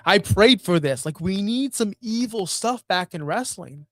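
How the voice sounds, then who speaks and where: A man's voice: high-pitched, lively intonation, a little slow, no room sound, studio quality. A man hosting a wrestling show, ranting in a blunt, profane, exasperated way. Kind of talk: casual rant commentary.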